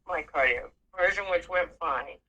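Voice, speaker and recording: A middle-aged woman chatting casually with family, telling stories with lively swings and the odd curse. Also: low voice, moderate pace, lo-fi sound. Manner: animated storyteller who swears freely. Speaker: aunt.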